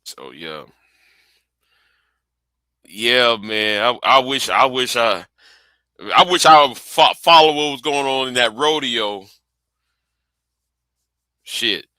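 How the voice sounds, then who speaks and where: A man's voice: mid-range voice, slow, long pauses, sharp tone, clear, resonant tone, no echo. A man from Texas, chatting casually on a livestream in a rambling, profane way with stammering restarts. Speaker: livestream host.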